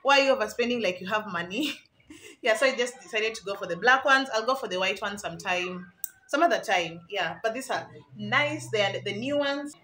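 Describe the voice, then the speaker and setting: Bright chatty young woman vlogger. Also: medium pitch, lively intonation, moderate pace, slight background noise. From Kenya. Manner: chatty, laughs at herself. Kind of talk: casual vlog chat. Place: home.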